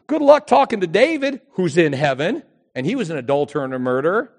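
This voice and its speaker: Male youth pastor, storytelling sermon delivery, bright pitch, very animated swings. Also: fast talker, vocal fry. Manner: animated, swings between shouted emphasis and hushed earnestness.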